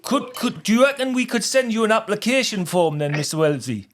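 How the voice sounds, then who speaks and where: High-voiced man making a prank call. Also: big pitch swings, brisk, slight background noise. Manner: straight-faced fake recruiter, teasing. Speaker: podcast host. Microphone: podcast studio mic.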